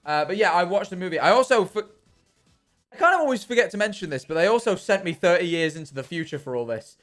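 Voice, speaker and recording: A man's voice: sits high, expressive, fast, a bit bright, faint music behind. A young British man chatting casually on a live stream while gaming, rambling and ranting with self-deprecating humour. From Britain. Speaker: livestreamer.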